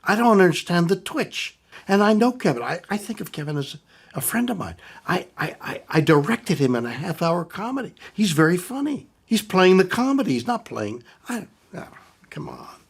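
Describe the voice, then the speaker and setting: An older man with a husky voice, sounding exasperated as he comments, stumbling over repeated words. His pitch swings widely between low grumbles and sharp rises. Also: big pitch swings, moderate pace. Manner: exasperated, stammering repetitions. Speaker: actor reviewing impressions. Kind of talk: casual commentary.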